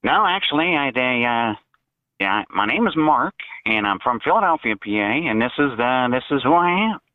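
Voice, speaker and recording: A man's voice: medium pitch, big pitch swings, moderate pace, natural voice. A boastful caller in a cartoonish put-on voice, as a man plays him drawls his lines and keeps saying "mister". The sound comes through a tinny phone line. It is dry, with no room echo. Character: gruff male prank caller in a cartoonish put-on voice.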